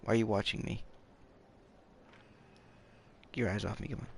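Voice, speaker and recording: A game streamer plays late at night, keeping his voice hushed as he rambles goofily and pokes fun at himself. His voice is fairly low and steady with vocal fry, and he talks at a racing pace. Game music plays, with a little background noise.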